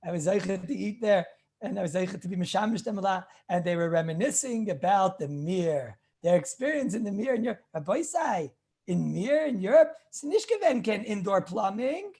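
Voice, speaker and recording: Talking a little fast in a high-sitting voice, a male rabbi gives a casual lecture on Jewish law. His anecdotes are animated, with frequent repeated phrases and throat-clearing.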